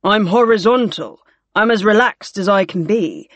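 Woman voicing a deadpan teasing commander. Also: mid-range voice, moderate pace, dry recording, close to an everyday voice. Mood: wry. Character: dry, teasing male naval commander.

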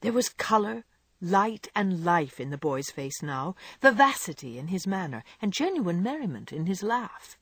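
Husky, expressive audiobook narrator. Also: mid-range voice, normal speed, no echo. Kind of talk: scripted narration.

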